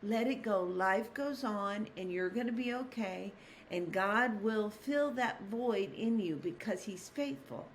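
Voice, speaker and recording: Middle-aged woman chatting earnestly, kinda rambly, soft little laughs, gentle encouraging vibe. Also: medium pitch, unhurried, slight background noise. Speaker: host. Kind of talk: casual devotional talk.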